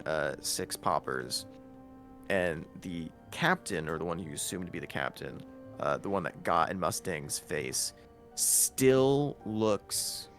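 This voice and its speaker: A man running a tabletop game as game master, narrating casually with halting fillers. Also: deep voice, a bit bright.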